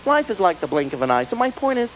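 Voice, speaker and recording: A man's voice: high voice, big pitch swings, fast talker, a bit bright. A man from the Southern US with a Southern accent, doing stand-up comedy on a music hall stage with a wry, punchy delivery and acted asides. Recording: dull VHS tape with audience noise. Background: live audience laughter.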